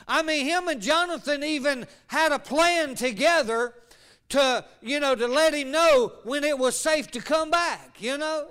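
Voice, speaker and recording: A man's voice: extremely high pitch, pushed and bright. A man preaching a sermon, emphatic and drawn out, asking his congregation rhetorical questions. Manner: emphatic, asks the congregation rhetorical questions, stretches key words.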